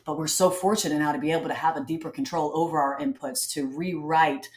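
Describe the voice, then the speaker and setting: A woman's voice: sits low, steady tone, quick pace, a little mellow, a little hiss or hum. A woman speaking as a podcast guest, talking earnestly and reflectively, often restarting her sentences. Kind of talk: casual interview talk. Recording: roomy echo.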